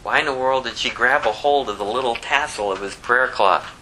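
A man preaches in an animated, chatty storytelling way and laughs often. His voice has a very bright, forceful tone, with faint noise behind it. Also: medium pitch, brisk, low-quality recording. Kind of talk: sermon storytelling.

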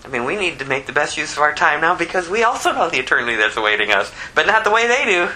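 A male pastor preaching verse by verse, his voice very bright and sharp and pitched a little high. He drops to near-hushed asides, then climbs into loud, emphatic bursts. A faint hiss and low rumble sit under his voice. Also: sing-song, quick pace, rough recording. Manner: reads scripture aloud in King James wording. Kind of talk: expository Bible sermon.

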